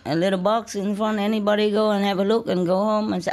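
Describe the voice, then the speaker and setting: A woman's voice: mid-range voice, little pitch movement, fast, darkish tone. A woman spiritual teacher giving casual advice, often laughing and teasing, in broken English.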